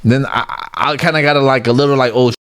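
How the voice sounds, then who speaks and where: A man, a guest in a casual interview, telling stories in an animated way, full of "like" and "you get what I'm saying". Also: medium pitch, fast, clear, resonant tone.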